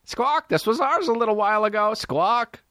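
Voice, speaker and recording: A man's voice: sits high, animated, moderate pace, bright, forceful tone, dry recording, clean studio sound, voice pushed up. A man voicing a baffled, indignant seagull that squawks between its questions.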